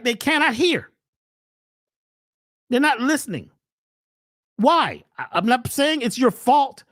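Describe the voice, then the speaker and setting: A man hosting a spiritual health webcast, preaching in a steady run of rhetorical questions. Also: very high voice, no echo, clean studio sound. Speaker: natural health webcast host. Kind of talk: spiritual motivational talk.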